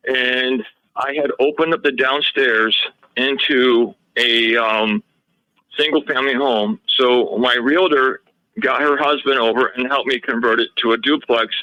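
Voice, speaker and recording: A man's voice: mid-range voice, no room sound, dull audio. A man talking as a radio show guest, telling a long story in a rambling way and often quoting what others told him. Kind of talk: casual interview storytelling.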